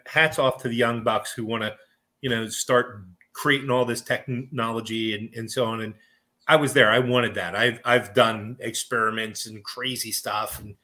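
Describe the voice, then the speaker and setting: A middle-aged man, a paranormal investigator guesting on a talk show, telling stories in a lively, blunt and casual way. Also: medium pitch, normal speed. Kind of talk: casual interview chat.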